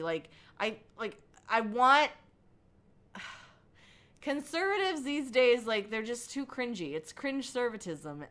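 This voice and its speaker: A young woman hosting a casual livestream from her couch at home, rambling and halting as she chats and answers her viewers. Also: medium pitch, a bit bright, smooth. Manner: rambling, halting, with frequent ums and likes. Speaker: livestream host. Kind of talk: casual chat reading chat messages. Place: home living room, on a couch.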